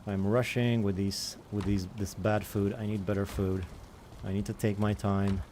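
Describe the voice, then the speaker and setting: A gaming streamer gives rambling, self-mocking let's-play commentary while playing a survival game and answering chat. His fairly low, darkish voice moves little in pitch at a moderate pace, with slight background noise.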